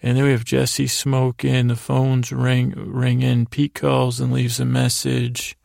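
Gravelly, flat-voiced man rambling at bedtime. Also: medium pitch, no echo, studio quality. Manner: meandering, halting retelling with many restarts. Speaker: sleep podcast host.

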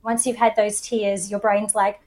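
A woman's voice: mid-range voice, flat delivery, unhurried, darkish tone, rough recording. An Australian woman coach speaks as a podcast guest in a mid-range voice. She explains with confident enthusiasm and an easy flow. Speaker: coach and presenter.

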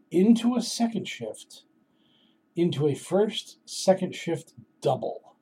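A man's voice: medium pitch, dark tone, breathy edge. A man in his thirties telling a casual personal story in a wry, self-deprecating way.

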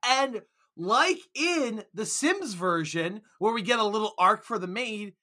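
A man co-hosting a casual film chat, enthusiastic and excitable, laughing often. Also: sits high, measured pace. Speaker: film podcast co-host.

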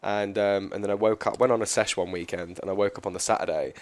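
Young male podcast co-host, fairly low voice, loose rambling delivery full of fillers. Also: fairly even intonation, fast. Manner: rambling storyteller, lots of fillers and swearing. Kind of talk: casual podcast chat.

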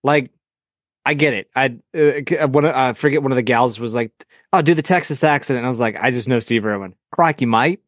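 A man's voice: mid-range voice, fairly even intonation, fast, no echo, clean studio sound. A man who is a guest on a podcast, talking in blunt, casual chat and swearing often while he rants. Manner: blunt, swears a lot, ranting.

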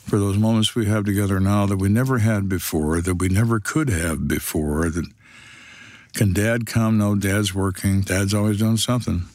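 A man's voice: sits low, a little mellow, dry recording. An older man, a retired detective, telling stories from his life in a dry, matter-of-fact way. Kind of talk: storytelling monologue.

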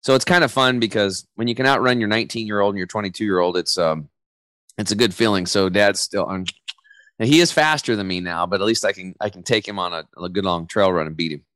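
Energetic casual man, low voice. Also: fast, no echo. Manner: energetic, casual storytelling with slang. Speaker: guest. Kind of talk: podcast interview.

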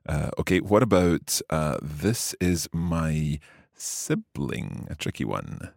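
A man co-hosting a Swedish language lesson podcast, relaxed, asking questions and practising phrases. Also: rumbling low, slow, vocal fry, no echo, clean studio sound. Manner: relaxed, asks questions, laughs easily. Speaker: co-host learning Swedish.

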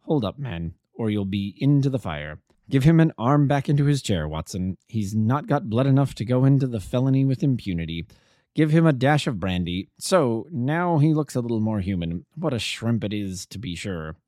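A man voicing a cool, stern male detective who speaks low and measured. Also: sing-song, dark tone, dry recording, clean studio sound, lightly acted.

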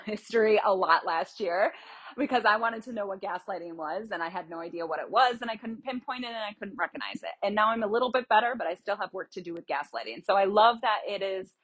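A woman's voice: mid-range voice, fairly bright tone. A young woman hosting a casual solo podcast, chatty and rambling, explaining things through everyday examples. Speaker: podcast host.

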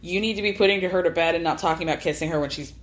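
A woman's voice: fairly low pitch, racing. A woman hosting a podcast, recapping a reality show in a casual, chatty way and acting out the quotes. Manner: chatty, acts out quotes with laughs. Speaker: podcast host.

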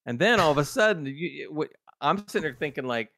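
Excitable man retelling scenes, dry mic. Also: on the high side, quick pace, gravelly, hardly any pauses, no echo. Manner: excitable, animated retelling with quoted reactions. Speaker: podcast co-host. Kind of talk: casual TV review chat.

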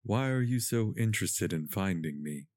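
A man voicing a courteous, teasing giant male Bigfoot in a podcast reading of a monster romance, in a deep, polite voice. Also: no room sound, clean studio sound. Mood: gently teasing. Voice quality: deep, slow and gentle. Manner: polite, playful, a little formal. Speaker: podcast co-host.

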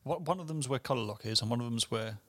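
A man co-hosting a podcast, chipping in quick dry jokes in casual chat. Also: mid-range voice, a bit bright, dry recording. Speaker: podcast co-host.

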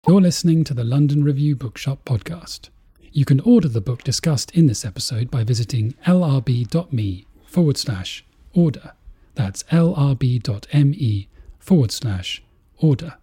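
A man's voice: mid-range voice, expressive, moderate pace, mellow, breathy edge, dry recording. A man reading a podcast announcement in a plain, matter-of-fact way. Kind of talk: scripted podcast ident.

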